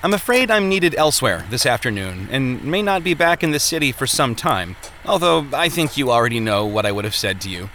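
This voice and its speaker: A man voicing a cheerful, gentle male preacher who speaks kindly and stammers a little. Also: medium pitch, very animated, a little fast, slight background noise. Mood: kindly urging.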